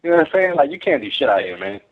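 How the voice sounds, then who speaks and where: A man's voice: on the high side, sing-song, racing, slightly rough. A young man from Brooklyn, a guest on a radio show, chatting loosely and profanely over a phone line. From Brooklyn, New York. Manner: loose, profane, laughs often. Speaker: guest rapper. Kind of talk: casual radio chat.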